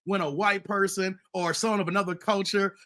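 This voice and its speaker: A middle-aged man runs a casual commentary live stream in a bright, forward voice. He keeps talking straight to his audience as "guys" and "fellas". His sentences often stumble and start over. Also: high voice, brisk. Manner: animated, addresses viewers as guys and fellas; repeats himself and restarts often. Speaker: commentary channel host.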